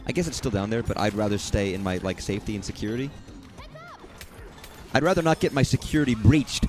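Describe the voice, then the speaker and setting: A young man from the southern US speaks fairly quickly in a fairly low voice as he casually narrates a video game. He's a streamer who rambles, swears, and throws in jokes, and faint game music plays behind him.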